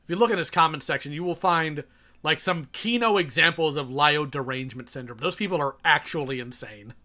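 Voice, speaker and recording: Male streamer, sarcastic reaction host, slightly high and piercingly bright. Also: a little fast. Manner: sarcastic, animated, reads donations aloud. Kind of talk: live-stream reaction commentary.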